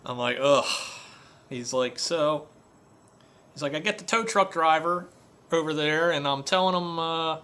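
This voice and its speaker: Bright-voiced mechanic ranting casually. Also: male voice, on the high side, measured pace. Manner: conversational storytelling, many fillers. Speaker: auto repair shop owner. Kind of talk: casual monologue rant.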